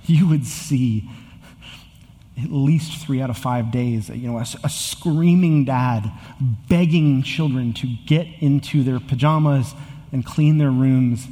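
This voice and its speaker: Pastor preaching in a reverberant church. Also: male voice, mid-range voice, warm tone. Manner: earnest, rising to emphatic repetition. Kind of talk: sermon. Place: church sanctuary with long reverb.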